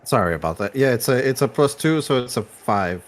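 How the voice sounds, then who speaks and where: A man playing a tabletop game on stream, tossing off short, easygoing remarks. His voice sits at an ordinary middle pitch. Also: expressive, a little fast, soft background music. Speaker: player. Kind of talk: casual tabletop game play.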